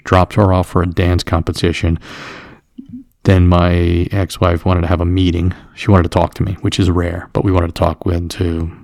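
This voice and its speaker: Man, forties, from the US, very low voice, dry close mic, rambling podcast chat. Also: darkish tone, no room sound. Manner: rambling, cursing, self-deprecating storyteller. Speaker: podcast co-host. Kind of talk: casual chat.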